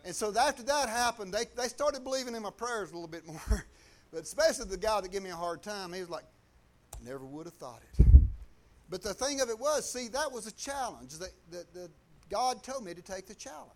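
A man with a Southern US accent and a high, light voice tells a testimony story, animated and brisk. His folksy, colloquial telling includes brief impressions of other people's voices.

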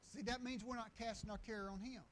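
High-voiced preacher man. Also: fairly even intonation, fairly quick, a bit bright, slight background noise, low-quality recording. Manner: folksy, rambling with restarts and chuckles. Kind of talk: storytelling sermon.

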